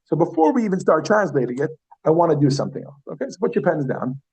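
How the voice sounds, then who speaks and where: A man's voice: fairly high pitch, sing-song, a little mellow, husky, rough recording. Man teaching a chatty class. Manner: chatty, repeats words slowly, asks the class questions. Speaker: Yiddish teacher. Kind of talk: classroom lesson.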